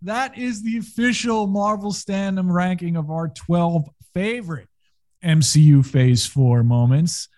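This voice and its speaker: A male podcast host who talks at a slow, easy pace. His voice is dark and mellow but sits a touch high. He wraps up the show casually and drops in plenty of fillers. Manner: unhurried, with many fillers and chuckles.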